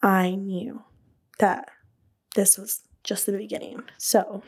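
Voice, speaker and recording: A woman's voice: mid-range voice, slow, husky. Chatty woman telling her own story. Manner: chatty and animated, many "like" fillers, laughs; frank, swears casually. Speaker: podcast host and beauty business owner. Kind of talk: casual storytelling podcast.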